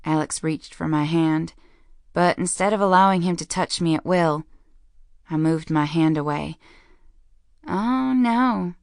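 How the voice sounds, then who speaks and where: Low-voiced woman narrating a romance audiobook. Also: little pitch movement, normal speed, clear, resonant tone, dry recording, studio quality.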